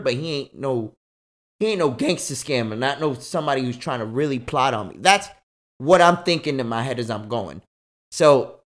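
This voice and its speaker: A young man hosting a podcast, telling a story in casual chat, slangy and animated, swearing freely. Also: mid-range voice. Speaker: podcast host.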